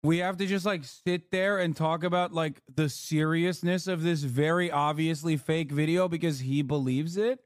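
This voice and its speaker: A man's voice: a little high, fairly even intonation, normal speed, few pauses, no echo, studio quality. A male streamer chatting casually as he reacts to clips, sarcastic, profane and mocking. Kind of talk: casual chat.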